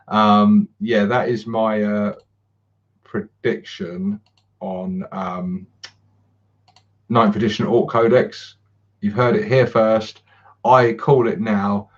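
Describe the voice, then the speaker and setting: A man's voice: lowish voice, level tone, slow pace, long pauses, muffled recording. A man hosting a casual livestream chat, rambling and swearing freely with lots of ums and chuckles. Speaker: channel host.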